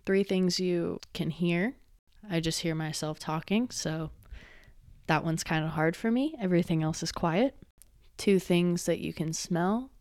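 Gentle, reassuring woman podcaster. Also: on the low side, unhurried, no echo, studio quality. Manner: gentle, reassuring, guides step by step. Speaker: podcast host. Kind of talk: personal podcast, guiding listeners. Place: home studio with plants. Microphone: studio microphone, wearing headphones.

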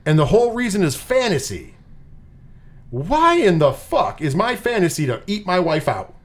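A man with a fairly high voice ranting about a film on a casual podcast. He swears freely, his pitch leaps all over the place, and he acts out characters' lines in mocking voices. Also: moderate pace. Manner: animated, profane ranting with mocking quoted voices. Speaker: podcast co-host reviewing a film. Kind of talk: casual profane film-review chat.

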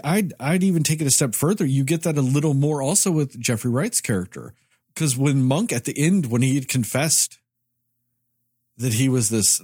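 A man's voice: medium pitch, darkish tone, breathy edge, dry recording. Guy rambling about a movie on a podcast, voice jumps all over, dry mic. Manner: rambling, many "you know" fillers. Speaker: podcast co-host. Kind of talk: casual movie review chat.

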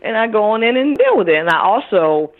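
A woman's voice: fairly high pitch, fairly quick. Middle-aged woman storyteller over a tinny phone line. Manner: animated storyteller who acts out other people's voices. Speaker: author and caregiver guest. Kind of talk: interview conversation.

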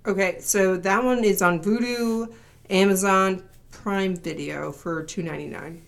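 A woman co-hosting a podcast in casual chat, playful and quick to tease. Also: medium pitch. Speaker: podcast co-host.

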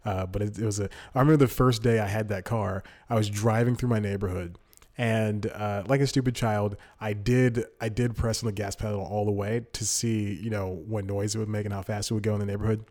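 A man's voice: on the low side, steady tone, fairly quick, a little mellow. Rambling young man telling stories. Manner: rambling, self-correcting, laughs often mid-sentence. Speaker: podcast host. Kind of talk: casual solo storytelling.

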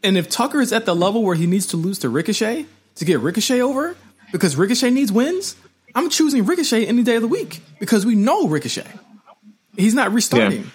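A man's voice: high-pitched, sing-song, fast talker, breathy edge. A man co-hosting a podcast, chatting casually and emphatically, often repeating his phrases. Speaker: podcast co-host. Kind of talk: casual wrestling chat.

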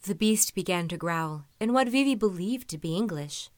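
A woman narrating a story in an even, measured reading voice. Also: lowish voice, no echo. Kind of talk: audiobook-style story reading.

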